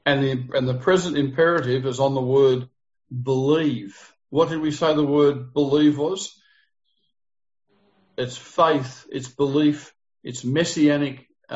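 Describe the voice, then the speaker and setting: Earnest male Bible teacher, dull lo-fi sound. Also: medium pitch. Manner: earnest, asks the group questions. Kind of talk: interactive Bible study. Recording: dull lo-fi recording.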